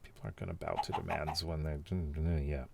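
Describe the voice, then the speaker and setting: A man's voice: rumbling low, flat delivery, fairly quick, gravelly, background noise. A man casually reading out and reacting to viewer comments, rambling with many fillers and restarts. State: has the hiccups.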